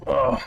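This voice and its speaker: Speaking with a gravelly, medium-pitched voice, a thirtysomething man chats casually during his game stream. He wanders from topic to topic, reading chat aloud and replying as he goes.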